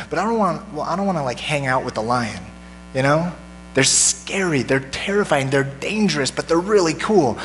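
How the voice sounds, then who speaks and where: A man's voice: on the high side, a bit bright. A man preaching a sermon in a casual, conversational way, often putting questions to his congregation. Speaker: pastor. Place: church sanctuary. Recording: long church hall reverb.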